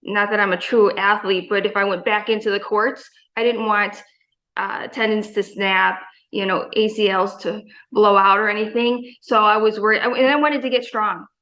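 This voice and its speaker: A woman's voice: medium pitch, steady tone, normal speed, fairly bright tone, rough recording. A woman in her forties, a gym member talking in a casual interview, enthusiastic and rambling, full of fillers and quoted asides.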